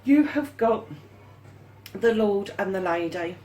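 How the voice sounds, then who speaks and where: A woman's voice: mid-range voice, lively intonation, slow, darkish tone, rough recording. A woman giving a casual tarot reading, chatty and fond, calling her viewers darlings and lovelies and swearing now and then. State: hot and yawning. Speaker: tarot reader.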